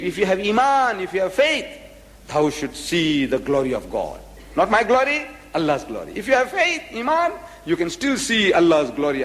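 A man lectures on scripture in a fairly high voice, swinging widely in pitch and dropping to a hush to make a point. He repeats his key phrases to drive them home. A long hall reverb trails each line. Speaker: religious lecturer. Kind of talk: lecture reading and explaining scripture.

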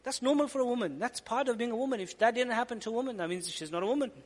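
A man's voice: very high-pitched, rapid-fire, in a large hall. A man giving an earnest, explanatory sermon-style lecture as a preacher, often repeating phrases for emphasis. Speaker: Islamic preacher.

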